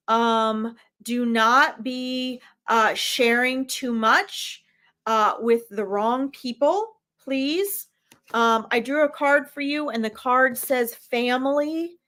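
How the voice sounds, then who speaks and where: A fairly high-voiced woman speaks straight to her viewers, giving live psychic medium readings. She is blunt and emphatic, with plenty of fillers and "okay?" tags along the way. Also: a bit bright. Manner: direct, emphatic, with many fillers and "okay?" check-ins.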